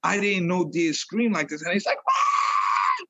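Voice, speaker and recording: A middle-aged man from New York telling a story in a casual interview, animated, laughing often and repeating phrases. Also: high-pitched, brisk, shouting, highs cut off, a little hiss or hum. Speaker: guest, retired police detective sergeant.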